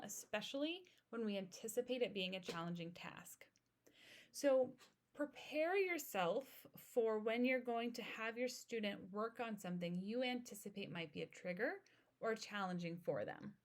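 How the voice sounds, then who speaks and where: A woman in her thirties hosting an educational podcast, speaking in a calm, steady, instructive way. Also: medium pitch. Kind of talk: informational podcast monologue.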